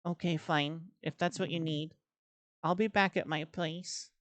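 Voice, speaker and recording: A woman voicing a caring, protective young female healer who speaks gently and pleadingly. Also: low-pitched, steady tone, unhurried, slight background noise. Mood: gentle, worried.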